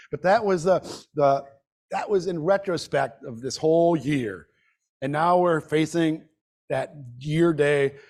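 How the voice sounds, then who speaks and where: A middle-aged man speaking at a grief workshop, telling a personal story in a halting, emotional way with many restarts. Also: on the high side, darkish tone. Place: medical center presentation room.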